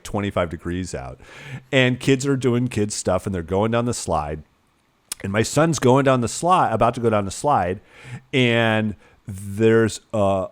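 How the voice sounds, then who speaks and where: A man co-hosting a podcast in casual chat, telling rambling stories with restarts and some swearing. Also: fairly low pitch. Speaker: podcast co-host.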